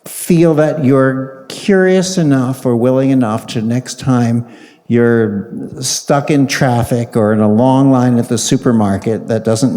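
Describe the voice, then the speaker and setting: A man on a panel takes a live audience through a guided exercise, repeating short commands in a coaxing, playful way. He has a warm, mid-range voice, and the large hall adds a long reverb.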